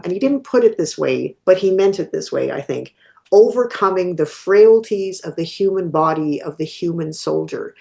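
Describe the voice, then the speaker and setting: A woman academic answers a question from the audience, working through her thoughts with fillers and restarts. Her voice sits fairly low and she speaks in an unscripted, considered way. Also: vocal fry, a little mellow. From Canada.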